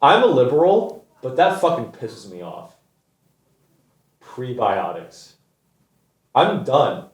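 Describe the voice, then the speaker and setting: A man rants through a comedic monologue, exasperated and profane, with his pitch swinging widely. His voice sits in the middle range. The new studio is echoey and the audio is botched. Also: huge pitch swings, moderate pace. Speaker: comedian host.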